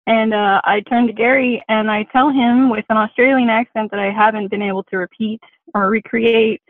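A woman's voice: on the high side, steady tone, normal speed, dry recording. A woman calling into a podcast, telling her story in a chatty, self-deprecating way. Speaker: caller. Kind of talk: casual phone call-in. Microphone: phone line. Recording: tinny dry phone line.

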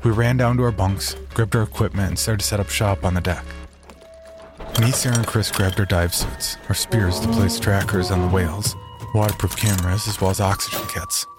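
A man narrating a horror story in the first person, in a calm, measured way. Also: fairly low pitch, loud music behind the voice.

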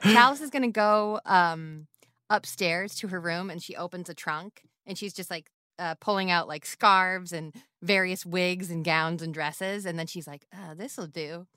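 A woman's voice: fairly low pitch, measured pace, bright, forceful tone, smooth, dry recording. A woman narrating her character's antics in a comedic tabletop game, giggly and rambling with fillers. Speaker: player.

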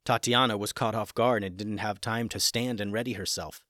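A man's voice: on the low side, moderate pace, dry recording, clean studio sound. Man animatedly narrating a kids' story. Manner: animated, dramatic. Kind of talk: scripted children's story narration.

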